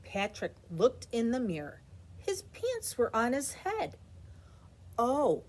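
A middle-aged woman reading a bedtime story aloud with expressive narration and chatty asides. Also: on the high side, a little slow.

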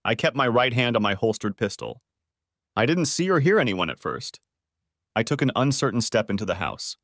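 A man's voice: medium pitch, sing-song, normal speed, a bit bright, no room sound, clean studio sound. A man narrating a dramatic first-person story for an audiobook.

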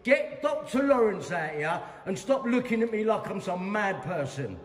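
A man's voice: high-pitched, very animated, normal speed. A middle-aged man with a London accent, ranting angrily and profanely while filming a complaint on his phone. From London, England. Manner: profane, repetitive, heated. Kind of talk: angry confrontational rant. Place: hospital waiting area, indoors. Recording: echoey hall with long reverb.

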